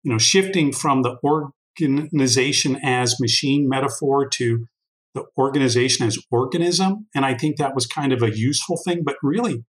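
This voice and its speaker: A man's voice: mid-range voice, moderate pace, poor audio. Man giving long, thoughtful interview answers. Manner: thoughtful, long-winded, many restarts and fillers. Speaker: guest expert on workforce intelligence.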